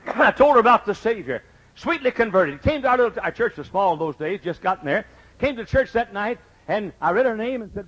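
An older male pastor preaching a sermon, swinging from fervent shouting to hushed storytelling, with folksy asides to the congregation. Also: sits high, lively intonation, fast talker, muffled recording.

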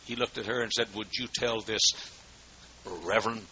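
Fiery preacher man, bright voice. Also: fairly low pitch, fairly even intonation, normal speed. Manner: fiery preaching, swinging from shouts to hushed storytelling. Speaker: pastor. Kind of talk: sermon. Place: church. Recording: dull lo-fi recording with faint noise.

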